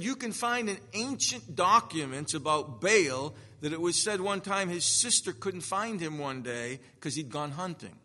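A man preaching a sermon, swinging between loud, ringing emphasis and hushed, drawn-out phrases. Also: high-pitched, in a large hall. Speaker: pastor.

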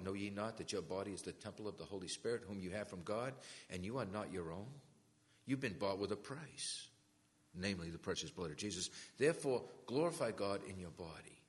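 Casting: low, bright-toned male preacher, storytelling testimony, big hall reverb. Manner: storytelling, acts out quoted voices. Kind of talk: testimony sermon.

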